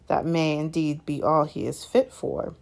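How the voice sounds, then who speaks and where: A woman's voice: low-pitched, fairly even intonation, normal speed, a little mellow. A woman doing cold, haughty Mr. Malfoy. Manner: cold, clipped, disdainful. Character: cold, haughty aristocratic wizard father.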